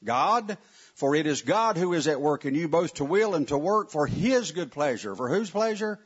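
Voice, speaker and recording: A man preaching a sermon to his congregation in a church, folksy and animated, with asides to the listeners. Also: fairly high pitch, normal speed, slightly rough. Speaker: pastor. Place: church sanctuary. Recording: muffled lo-fi sound.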